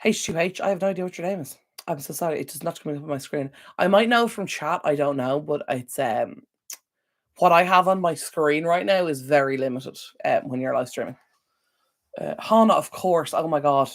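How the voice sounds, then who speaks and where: A woman's voice: sits low, brisk. An Irish woman hosting a casual live stream from home, chatting to viewers by name with lots of ums. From Ireland. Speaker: livestream host. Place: indoor home room near a window.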